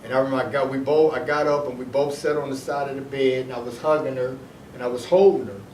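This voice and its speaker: Heard from a distance in an echoey room with slight background noise, this middle-aged man from Detroit tells a personal story from his past. He rambles casually, restarting and repeating lines, in a quick, slightly mellow, medium-pitched voice with fairly even intonation.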